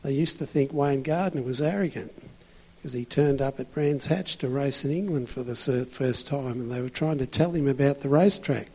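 A man's voice: mid-range voice, normal speed, a little mellow, breathy edge, long reverb tail. A man preaching a sermon in a loose, conversational way, full of fillers and restarts.

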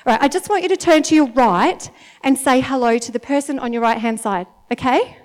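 High-voiced Australian woman preaching animatedly. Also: a little fast. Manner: animated and chatty, laughs often, gets worked up. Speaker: church speaker. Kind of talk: lively sermon to a congregation. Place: church meeting in front of an audience.

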